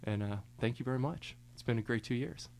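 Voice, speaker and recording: A man's voice: medium pitch, quick pace, gravelly, darkish tone. A young man playing music live on the radio, chatting loosely and joking between songs and often laughing. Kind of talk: casual on-air chat between songs.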